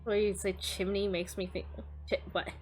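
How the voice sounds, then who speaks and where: A woman's voice: medium pitch, level tone, normal speed. A woman streamer chatting casually on a live stream, working through riddles. She laughs often, swears in surprise and mutters the clues to herself. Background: faint background music.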